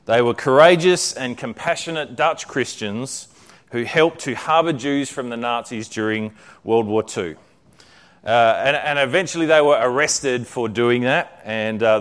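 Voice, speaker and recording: A man preaching a sermon in a conversational way, then reading a story aloud. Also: medium pitch. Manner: conversational, with frequent fillers and restarts.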